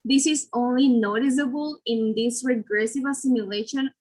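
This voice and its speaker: A woman's voice: on the high side, fairly even intonation, normal speed, a little mellow, low-quality recording. A woman presenting a lesson, explaining step by step with fillers and self-corrections. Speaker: student presenter.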